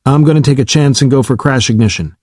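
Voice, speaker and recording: A man's voice: medium pitch, quick pace, a little mellow, no room sound, studio quality, lightly acted. A man voicing a blunt, clipped test pilot. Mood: clipped calm. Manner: curt, clipped, swearing. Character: blunt, angry male naval test pilot. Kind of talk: audiobook character reading.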